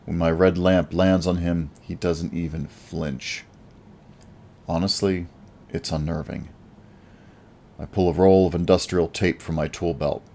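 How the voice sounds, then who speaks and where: A man narrating a first-person action audiobook in a wry, lively storytelling manner. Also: sits low, unhurried, vocal fry, long pauses.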